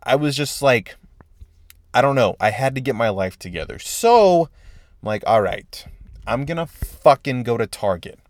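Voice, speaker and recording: A man talks through a casual solo podcast, swearing freely as he rambles about his day. He sounds exasperated and loose, with a mid-pitched voice. The recording is dry and close, with no room around him. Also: animated, moderate pace, no room sound. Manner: profane, rambling, exasperated storytelling. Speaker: podcast host.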